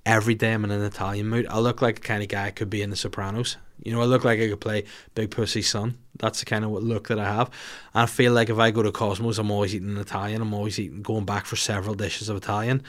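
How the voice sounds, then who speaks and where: A man's voice: lowish voice, flat delivery, fast talker. A man hosting a casual podcast, answering listener questions in a blunt, jokey, profane way. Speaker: podcast host.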